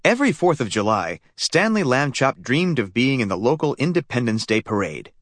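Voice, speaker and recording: A man narrating a children's audiobook in a lively storytelling manner. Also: medium pitch, normal speed, dry recording, studio quality. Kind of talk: scripted narration.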